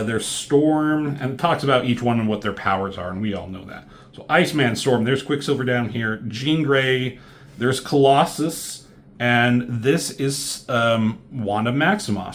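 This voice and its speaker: A man walks through a comic book in a relaxed, unscripted review, his voice sitting at an ordinary middle pitch. He rambles, leans on ums and likes, and drops casual curses along the way. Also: slight background noise.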